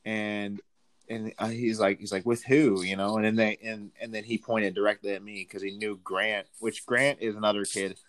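A man's voice: lowish voice, level tone, normal speed, fairly bright tone, no room sound. A man telling a rambling story in casual chat, full of fillers and restarts.

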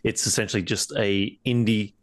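A man's voice: fairly low pitch, flat delivery, normal speed. A man playing a tabletop game, talking in a rambling way with lots of fillers. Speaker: player.

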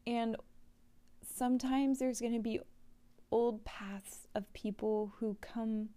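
A woman hosting a podcast, giving a gentle oracle card reading and slowly repeating mantras and journal prompts. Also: a little high, steady tone. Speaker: podcast host, tarot reader.

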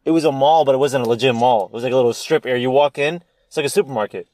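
A man's voice: medium pitch, racing, darkish tone, dry recording. A young man in casual chat with friends, rambling with lots of restarts and fillers.

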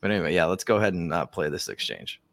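Deep-voiced profane man on a podcast. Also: very animated, quick pace, vocal fry, a bit bright. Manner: profane, sarcastic, laughing. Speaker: podcast co-host. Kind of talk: casual political commentary.

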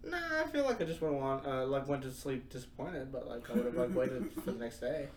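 A young man co-hosting a casual podcast, teasing his friends in lively banter. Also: medium pitch, fairly quick. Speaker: podcast co-host. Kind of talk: casual chat. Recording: echoey room with faint noise.

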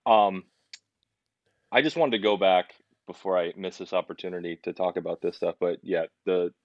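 A young man with a deep, low voice tells his story as a podcast guest. He sounds earnest and animated, stumbling and restarting as he goes. The recording is dry, a little dull and lo-fi. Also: normal speed, no room sound. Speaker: podcast guest, pizzeria owner. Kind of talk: casual storytelling interview.

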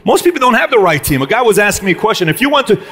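Middle-aged man, slightly high voice, punchy motivational speaker addressing a business crowd. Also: very animated, fairly bright tone, slightly rough. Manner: punchy, emphatic, acts out quick dialogue. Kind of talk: motivational talk to a live audience. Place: event hall with a live audience.

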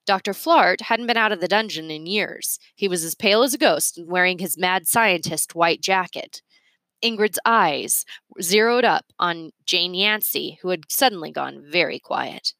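A woman reading a children's storybook aloud with expressive, animated narration. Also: fairly low pitch, normal speed, dry recording.

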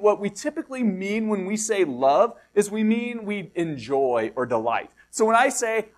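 High-voiced man preaching a sermon. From United States. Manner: conversational preaching with rhetorical questions. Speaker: pastor.

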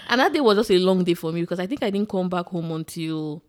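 A young woman with a Nigerian accent chats on her podcast in a quick, rambling way, full of "like" and restarts. Her voice sits fairly low and moves fast. She sounds relaxed and conversational. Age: young adult. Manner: chatty, many fillers. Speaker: podcast co-host. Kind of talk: casual chat.

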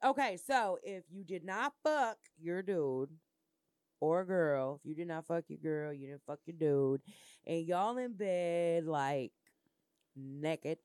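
A woman's voice: on the low side, lively intonation, takes it slowly, a little mellow, smooth, no room sound. A woman hosting a casual chat. She talks bluntly in slang and laughs between lines.

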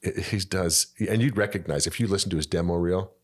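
A man's voice: deep voice, quick pace, husky. A man who works as a voice actor, chatting as a podcast guest and often restarting his sentences. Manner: rambling, with frequent restarts and trailing phrases. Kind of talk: casual podcast chat.

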